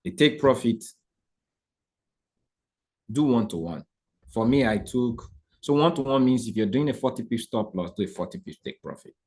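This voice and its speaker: A man teaching a live trading lesson to viewers. He talks in an animated, preacher-like way, asks rhetorical questions and keeps checking in with his audience. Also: medium pitch, normal speed, pauses often.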